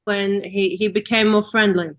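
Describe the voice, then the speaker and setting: A woman hosting an interview at an everyday mid pitch. She talks in a relaxed conversational way, recapping what she knows and asking follow-up questions. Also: moderate pace. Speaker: interview host. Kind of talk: casual interview.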